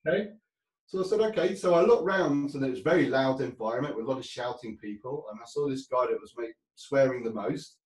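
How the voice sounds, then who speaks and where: A man's voice: medium pitch, fairly quick, darkish tone, reverberant, distant mic, rough recording. A man telling stories from his career in a casual interview, rambling, laughing often and restarting his sentences. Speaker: interview guest. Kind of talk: casual storytelling.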